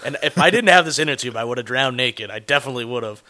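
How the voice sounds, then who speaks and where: A man's voice: medium pitch, animated, racing, pushed and bright. A man telling a rambling, profane, self-mocking story in casual chat, laughing as he goes.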